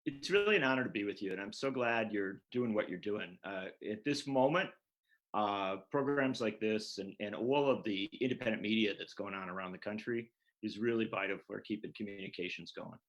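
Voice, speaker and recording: A man's voice: fairly low pitch, fairly quick, a bit bright, highs cut off. A man, a political journalist, explaining at length and earnestly as a guest in an interview over a video call.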